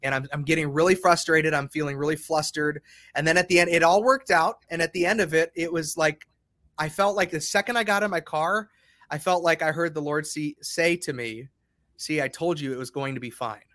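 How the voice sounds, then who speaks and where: A man's voice: a little high, a little fast, a bit bright, no echo, clean studio sound. A middle-aged man hosting a casual faith podcast, rambling and repeating words as he thinks aloud. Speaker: podcast host.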